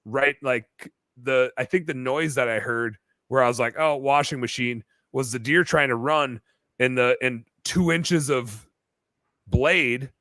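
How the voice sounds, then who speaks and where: A man telling a long story as a podcast guest, animated and full of fillers in casual chat. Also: medium pitch, unhurried, dry recording. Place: bar-themed podcast set.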